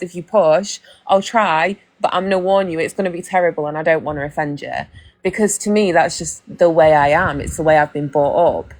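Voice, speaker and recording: A woman's voice: on the low side, fairly even intonation, brisk. A young British woman chatting casually on a live stream, blunt and candid, swearing freely. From Britain. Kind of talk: casual chat.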